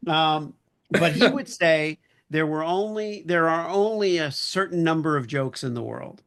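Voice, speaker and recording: Slightly high-voiced man hosting a podcast. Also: a little slow, clean tone. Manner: animated storyteller, retelling jokes. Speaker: podcast host. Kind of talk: casual podcast conversation.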